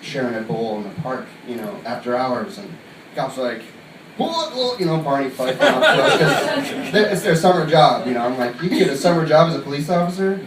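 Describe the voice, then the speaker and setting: Crowd laughter and audible ambience fill this roomy club recording, captured from a distant mic on a comedy club stage. A young upstate New York man does stand-up in a medium-pitched, animated voice, telling a loose, filler-heavy, rambling story and acting out its people in quick put-on voices.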